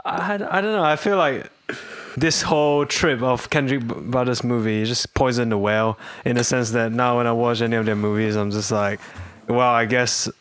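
A man chatting on a podcast in a smooth, clear voice. He talks hesitantly with plenty of fillers and a self-mocking tone. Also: medium pitch, steady tone, moderate pace, dry recording. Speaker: podcast co-host. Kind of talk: casual chat.

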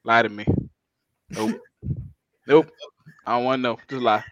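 A man chatting as a guest, giving quick laid-back answers. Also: medium pitch, sing-song, dry recording. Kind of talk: casual chat. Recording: dull lo-fi dry sound.

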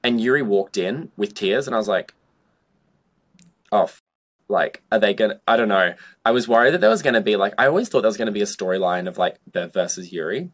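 In a relaxed interview, a young drag performer spins stories full of "like" and easy profanity. He speaks fairly quickly in a lowish voice with lively intonation.

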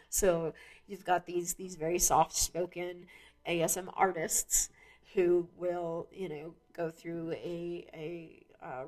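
Rambling woman with a lowish voice. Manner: rambling, many restarts and fillers, laughs at herself. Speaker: podcast host. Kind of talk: casual monologue.

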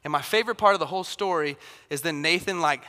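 A man in his thirties, a pastor, preaching a sermon in a casual, animated way. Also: on the high side, quick pace. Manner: casual and animated, acts out Bible figures. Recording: long hall reverb.

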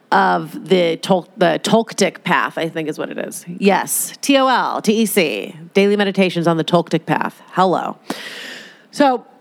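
A woman in a casual monologue, candid, joking and profane, who slips into mocking voices. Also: lowish voice.

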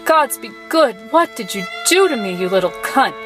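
A crude young guardsman, coarse and pleading, as a woman reader puts him on. He is pitched up high and pushy in this dramatic storybook reading. Violin music plays clearly beneath him. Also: very animated, moderate pace. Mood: panicked. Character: crude young male guardsman, bleeding and panicking.

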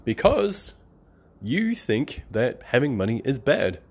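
A man voicing his own subconscious mind, which talks in a casual, chummy way while plotting to sabotage him. His voice sits a little higher than his usual talk. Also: big pitch swings, slow pace, exaggerated voice. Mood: chummy scheming. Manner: casual, chummy, sarcastically helpful. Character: a man's own subconscious mind, breezy and scheming.

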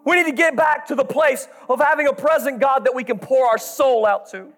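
High-voiced impassioned male preacher. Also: fairly even intonation, a little fast, soft background music. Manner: impassioned, swings from hushed to shouting; folksy, talks straight to the congregation. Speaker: pastor. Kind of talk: sermon.

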